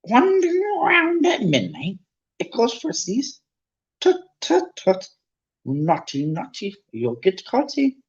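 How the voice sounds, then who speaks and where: A man's voice: high-pitched, huge pitch swings, slow, pitched above the performer's own voice, full character voice. A man voicing a mischievous, gleeful poltergeist in a sing-song manner, in a dull lo-fi recording. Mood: taunting.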